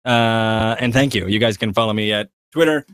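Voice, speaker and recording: A man's voice: lowish voice, a bit bright, clear, resonant tone, dry recording, clean studio sound. Giggly man full of fillers. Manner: giggly, halting with many fillers. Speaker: tabletop player. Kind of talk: casual chat. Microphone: video call.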